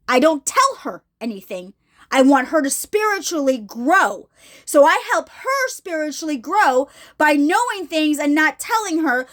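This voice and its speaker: A woman with a high-pitched voice tells her story straight to her viewers in a casual ministry vlog. She speaks emphatically and keeps pausing to ask if they are still with her. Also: fairly bright tone. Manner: emphatic, addresses viewers directly with repeated check-ins. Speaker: ministry vlogger.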